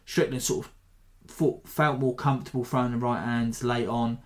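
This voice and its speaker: A man hosting a podcast, giving a rambling, animated breakdown of a fight in a self-deprecating way. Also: mid-range voice, normal speed. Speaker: podcast host. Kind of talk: casual fight analysis.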